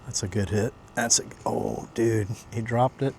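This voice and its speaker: A man hosting a fishing vlog, talking excitedly to viewers as he fishes outdoors from a kayak. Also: on the low side, a little slow, vocal fry, a little hiss or hum. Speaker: fishing vlogger host. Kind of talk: casual running commentary.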